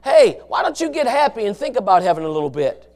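High-voiced fiery preacher man. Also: big pitch swings, fast. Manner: swings from low murmurs to shouted preaching; folksy, emphatic. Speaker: pastor. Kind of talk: fiery sermon.

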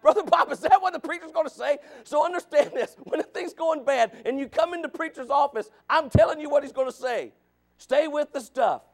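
A man preaching a sermon, asking the congregation questions and calling for amens, dropping to low asides and rising to shouted points. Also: brisk. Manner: preaching with rhetorical questions and calls of amen.

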